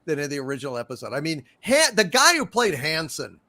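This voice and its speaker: A man's voice: on the high side, sing-song, fast talker, sharp tone. A man hosting a casual online talk show, cursing and emphatic in his indignation. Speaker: podcast host. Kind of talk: casual ranting chat.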